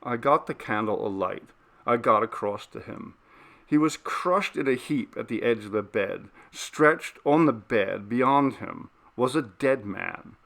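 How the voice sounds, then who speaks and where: A man narrating a classic ghost story in the first person, measured and deliberate. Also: fairly low pitch, gravelly. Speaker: narrator, audiobook reader.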